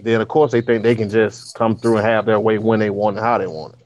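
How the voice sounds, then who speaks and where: A man's voice: lowish voice, fairly even intonation, fast talker. A man co-hosting a casual podcast chat, telling stories bluntly and with plenty of profanity. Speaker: podcast co-host. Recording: dull lo-fi sound.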